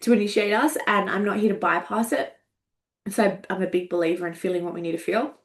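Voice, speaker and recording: A woman in her forties speaks in a raw, casual monologue as a coach. She is frank and profane, openly emotional, and often laughs at herself. Her pitch sits in the middle for a woman. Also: brisk. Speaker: energetics coach.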